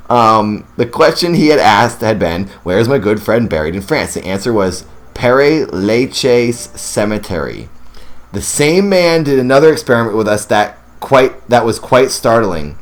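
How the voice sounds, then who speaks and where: A man's voice: mid-range voice, animated, measured pace. Male host reading a ghost story, mid-range voice, plain narration with reactive asides. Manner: reads first-person accounts, breaks off to react emotionally. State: teary and sniffling.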